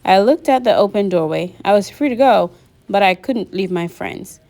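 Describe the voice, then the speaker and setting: A woman narrating a novel aloud in a lively audiobook reading, voicing the characters. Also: mid-range voice, moderate pace.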